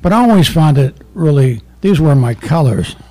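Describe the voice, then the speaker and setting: A former undercover narcotics officer turned poet, giving a rambling, profane poetry reading full of stories. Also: male voice, fairly high pitch, very animated, normal speed, a little mellow. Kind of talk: live poetry reading with storytelling.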